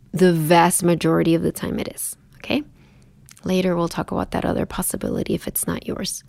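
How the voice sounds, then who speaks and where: A woman teaching a calm, gentle lesson, often dropping to a soft whisper as she explains. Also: mid-range voice, no room sound. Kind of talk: instructional talk on inner parts work.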